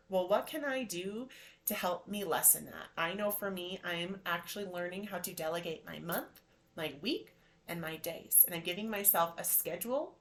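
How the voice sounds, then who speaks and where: A woman's voice: medium pitch, fairly bright tone. Effusive encouraging woman podcast host. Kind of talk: motivational podcast monologue.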